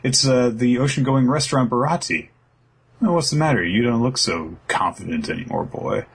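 A man's voice: medium pitch, animated, moderate pace, slightly rough, pitched above the performer's own voice. A man voicing a stern, domineering royal father who talks in a commanding, scolding way.

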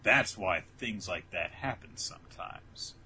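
Animated, bright-voiced man recapping manga. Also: deep voice, unhurried, breathy edge, low-quality recording. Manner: giggly, animated storytelling with acted quotes. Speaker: podcast co-host. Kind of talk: casual chat recapping manga chapters.

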